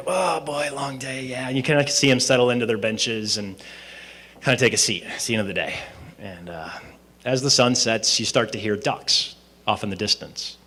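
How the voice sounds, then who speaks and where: A man's voice: fairly low pitch, pushed and bright. Man giving a chatty closing speech. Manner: conversational, frequent fillers and restarts. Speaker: speaker at a student team presentation. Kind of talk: informal closing speech with storytelling. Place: event hall at a university presentation.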